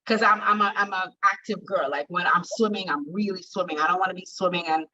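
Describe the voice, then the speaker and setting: Bright-voiced woman from Jamaica, chatty. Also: on the low side, brisk. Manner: chatty, animated storyteller. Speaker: confidence coach and plus-size model. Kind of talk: casual interview chat. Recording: distant, muffled video call audio.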